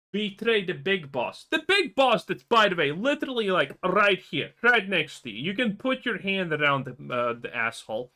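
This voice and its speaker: Man, gaming commentator, swearing rant, lively swooping voice, bright and higher-pitched. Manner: profane, stammering restarts, exasperated. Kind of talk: ranting game commentary.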